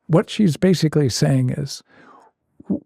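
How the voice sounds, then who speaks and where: A gravelly, mellow-toned man recounts a personal story with vivid, self-mocking animation. His voice is husky at the edges and is heard close and dry, with no room sound. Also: fairly high pitch, measured pace, no room sound. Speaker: guest therapist.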